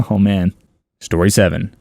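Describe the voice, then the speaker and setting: A man's voice: measured pace, creaky, no echo. A man narrating online comments aloud for a story channel, in a playful, amused reading. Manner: playful, amused reading with lively pitch swings.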